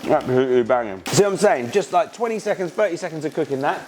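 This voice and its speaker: A man's voice: on the high side, animated, fast, a little mellow, a little hiss or hum. An enthusiastic man, hosting a casual cooking demonstration in chatty, slangy talk. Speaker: cooking show host. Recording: music playing behind.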